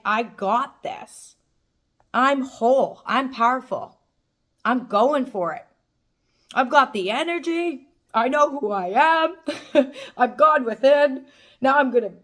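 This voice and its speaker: A young woman with a slightly high voice gives a spiritual tarot reading to her viewers. She sounds upbeat and affirming, peppering her talk with "like" and "boom" as she lays out card meanings. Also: a bit bright. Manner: affirming, enthusiastic, with frequent "like" and "boom". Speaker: tarot reader.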